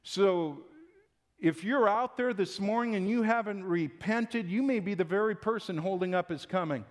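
A man's voice: sits high, normal speed. A male pastor preaching a Sunday-morning sermon in an emphatic, conversational way.

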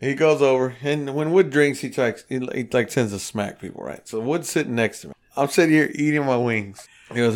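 With a mid-range voice, a slightly fast pace and hardly any pauses, a podcast co-host spins a story. He curses liberally and performs other people's lines with lively energy.

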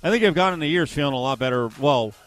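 A man co-hosting a sports radio show, chatting casually with animated asides. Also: fairly high pitch, rapid-fire, faint music behind.

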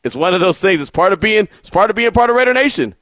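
A man hosting a sports radio talk show, telling stories in an animated way and often repeating words as he goes. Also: sits high, fast, no room sound.

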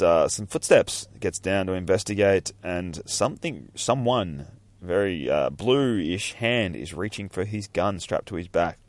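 A man's voice: on the low side, no echo. A man casually reading a comic aloud, narrating panels in a chatty, profane way. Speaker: comic reader.

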